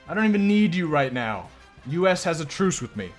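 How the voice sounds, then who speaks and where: A man's voice: medium pitch, very animated, fast, faint music behind. A man streaming live gameplay, commenting casually in a joking, profane, self-mocking way. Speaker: game streamer.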